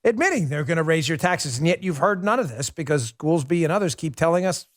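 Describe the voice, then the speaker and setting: A male commentary host with a fairly high voice that swings widely up and down. He talks in a sarcastic, incredulous monologue style and mocks what he reports on. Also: lively intonation, fairly quick, no echo, clean studio sound. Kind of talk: opinion show monologue.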